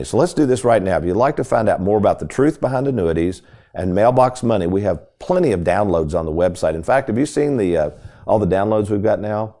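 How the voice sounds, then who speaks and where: A low, dark male voice carries this talk radio segment. He speaks with emphatic, folksy energy, turning often to the listeners at home. His tone stays mellow even when he presses a point. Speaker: financial radio show host.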